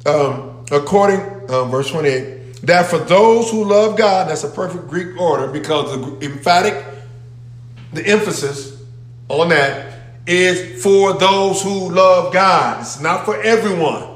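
A man's voice: on the high side, a bit bright. Emphatic male preacher in an echoey church. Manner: emphatic, calls out to the congregation. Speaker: pastor. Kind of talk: sermon. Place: church sanctuary with a congregation. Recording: echoey room.

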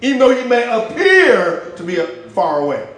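A man's voice: huge pitch swings, moderate pace. Impassioned preacher man, echoey room. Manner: impassioned, swings from loud shouts to low hushed lines; uses street slang for emphasis. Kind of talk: sermon.

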